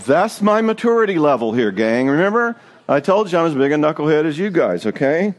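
A middle-aged man giving a church marriage seminar, a joking, self-deprecating storyteller. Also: mid-range voice. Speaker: marriage speaker.

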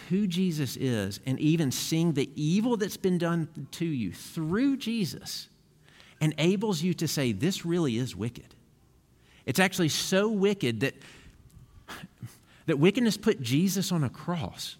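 A male pastor delivering a sermon in an earnest, conversational way, restarting phrases as he goes. His voice sits at an ordinary middle pitch. It rings with a long reverb from the church hall.

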